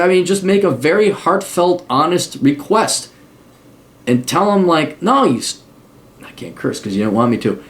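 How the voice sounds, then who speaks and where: A man's voice: fairly high pitch, big pitch swings, moderate pace. A middle-aged man hosting an advice podcast, talking bluntly and sarcastically and acting out mock quotes. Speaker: podcast host giving advice. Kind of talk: casual advice monologue.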